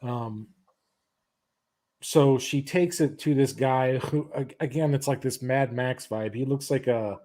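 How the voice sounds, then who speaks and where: A man hosting a podcast, retelling a story in casual chat, halting and restarting as he goes. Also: medium pitch, dark tone. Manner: halting retelling of a comic's plot. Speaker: podcast host.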